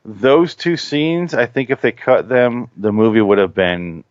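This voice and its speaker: A man hosting a podcast, telling stories in casual chat, animated and full of swearing. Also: medium pitch, a little slow, dry recording. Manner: profane, animated storyteller. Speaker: podcast host. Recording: dull lo-fi podcast audio.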